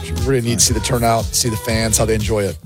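A man's voice: lowish voice, level tone, very fast, soft background music. A man co-hosting a sports radio show, teasing his partner in dry, exasperated banter.

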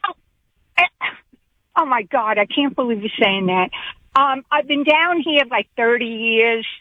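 A woman's voice: fairly high pitch, unhurried, no room sound. A middle-aged woman with a New York accent, a radio caller who talks bluntly and protests. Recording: muffled phone line.

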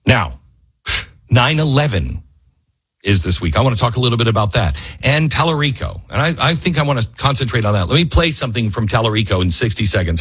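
A man's voice: medium pitch, sing-song, brisk, a bit bright, husky. A male radio talk show host delivering an impassioned monologue into a studio microphone, raising his voice in frustrated outbursts.

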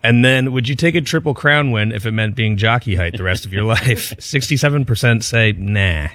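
A man's voice: medium pitch, normal speed, fairly bright tone, dry recording. A man on the studio crew of a sports radio show, easygoing as he reads results and explains things. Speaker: show producer. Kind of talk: studio banter.

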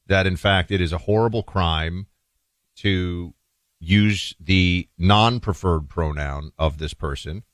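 Deep-voiced male radio co-host. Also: slow, fairly bright tone, no echo, clean studio sound. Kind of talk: talk radio commentary.

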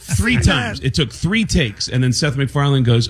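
A male guest comedian on a talk show with a husky voice. He tells his stories in a rambling, animated way, often restarting sentences. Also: mid-range voice, normal speed. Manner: rambling, animated storytelling with frequent laughs and restarts. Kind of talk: casual talk show storytelling.

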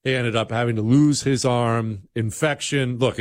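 A man's voice: mid-range voice, moderate pace, no echo, clean studio sound. Blunt, emphatic male talk radio host. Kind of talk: opinionated radio monologue.

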